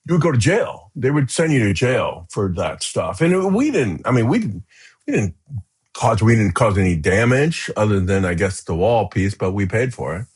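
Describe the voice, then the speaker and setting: A middle-aged man, a podcast guest, telling a story in a lively casual way, acting out the shouts and filling in with "you know" and "right?". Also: on the low side, moderate pace, slightly rough.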